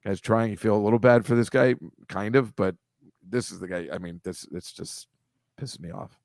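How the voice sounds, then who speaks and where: A man's voice: fairly low pitch, moderate pace, a little mellow, dry recording, clean studio sound. Rambling, wry man on a video call. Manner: rambling, wry, mocking, swears freely. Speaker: host. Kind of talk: casual chat over shared slides.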